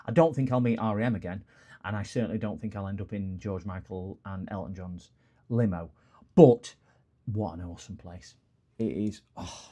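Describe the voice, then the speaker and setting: A man's voice: lowish voice, mellow. A man with a northern English accent, chatting casually on a live repair stream and rambling off into long stories. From northern England. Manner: rambling, digressive storyteller.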